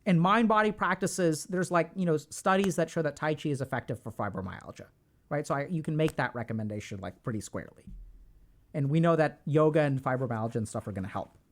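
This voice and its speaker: This middle-aged man is hosting a livestream about mental health, lecturing his chat casually and emphatically and repeating phrases for stress. He addresses the chat directly in an informal way. His pitch is fairly high and his pace brisk.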